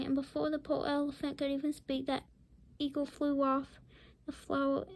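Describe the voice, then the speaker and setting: A woman's voice: high voice, monotone, normal speed, darkish tone. A woman reading a rhyming picture book aloud, with whispered asides. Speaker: storybook reader.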